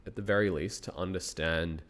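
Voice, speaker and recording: A man's voice: low voice, steady tone, fairly quick, fairly bright tone. A man in his thirties with an Australian accent, a university researcher talking as a guest in a casual interview, thinking aloud and laughing often.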